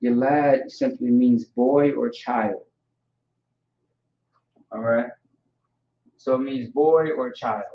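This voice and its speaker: A man's voice: mid-range voice, fairly even intonation, slow pace, pauses often, a little hiss or hum. Guy teaching words over and over, lots of "all right" and "okay", echoey room, muffled lo-fi audio. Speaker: language teacher. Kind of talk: informal vocabulary lesson. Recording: echoey room, dull lo-fi sound.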